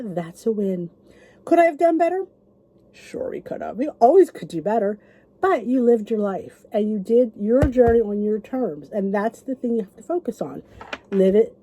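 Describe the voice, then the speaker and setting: A woman's voice: a little high, warm tone, a little hiss or hum. A middle-aged woman vlogger, talking to the camera in a chatty, rambling and encouraging way. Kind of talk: casual chat to camera.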